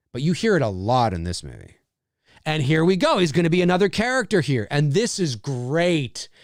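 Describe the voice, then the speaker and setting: A man's voice: a little high, no echo, clean studio sound. Chatty man giving live movie commentary. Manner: chatty, laughs often, trails off and restarts.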